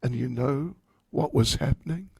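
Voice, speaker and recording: A man, a spiritual teacher, telling a story in a class, animated and wryly humorous. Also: medium pitch, normal speed, creaky, breathy edge, no echo, studio quality.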